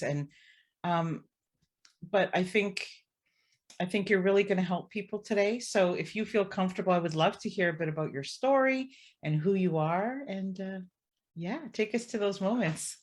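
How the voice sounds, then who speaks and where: A woman hosting a podcast interview, introducing her guest in an effusive, admiring way. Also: lowish voice. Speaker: podcast host.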